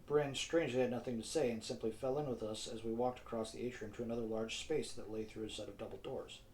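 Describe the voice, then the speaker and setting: A man's voice: medium pitch, fairly even intonation, fast talker, a little mellow, slight background noise, poor audio. A man narrating his own audiobook in a casual style, dropping wry asides to the listener. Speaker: narrator and author. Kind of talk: self-read audiobook narration.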